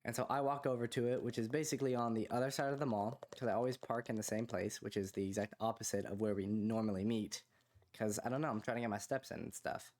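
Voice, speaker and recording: A young man co-hosting a podcast, telling a long casual story full of fillers like "like" and "you know", rising in pitch when he quotes other people. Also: fast. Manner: rambling, filler-heavy, animated when quoting others. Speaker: podcast co-host.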